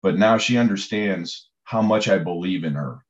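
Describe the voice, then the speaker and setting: Man, coach, very low voice, rambling, many fillers, dull recording. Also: normal speed. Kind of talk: storytelling in conversation.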